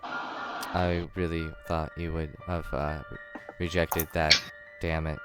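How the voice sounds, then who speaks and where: A man's voice: very deep voice, level tone, takes it slowly, a bit bright, soft background music. A man running a tabletop game as dungeon master, rambling with lots of ums and self-corrections.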